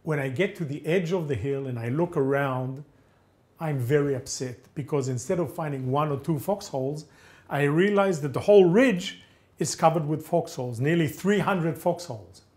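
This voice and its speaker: A man's voice: fairly high pitch, moderate pace. A man giving a lecture as a dramatic first-person story, acting out the dialogue in changing voices. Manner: animated, acts out dialogue with shifting voices.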